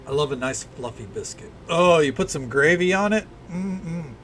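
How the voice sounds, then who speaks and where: A man's voice: fairly high pitch, animated, normal speed, hardly any pauses, a bit bright, slight background noise. A man, chatting casually and rambling while he streams a game. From American South. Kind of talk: casual livestream commentary.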